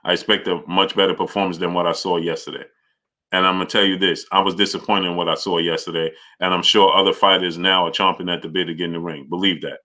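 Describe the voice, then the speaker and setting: A man's voice: low voice, little pitch movement, fast. Man hosting a boxing live stream. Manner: greets viewers by name, argues forcefully. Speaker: boxing channel host. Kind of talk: live-stream chat and commentary.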